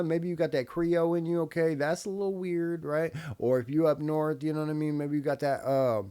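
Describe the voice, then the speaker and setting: A man in his thirties hosting a reaction video, talking bluntly and casually, swearing often and laughing between remarks. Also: medium pitch. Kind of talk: casual commentary.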